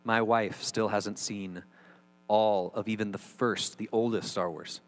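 A middle-aged man preaching a sermon as a pastor, animated and jokey with mocking asides, recorded in a church hall. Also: fairly low pitch, a little slow. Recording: reverberant hall with mains hum.

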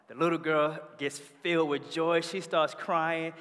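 A man preaching a sermon, telling stories in an animated way that builds in energy. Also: fairly high pitch, unhurried, hardly any pauses. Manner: animated storytelling with rising energy. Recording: long hall reverb.

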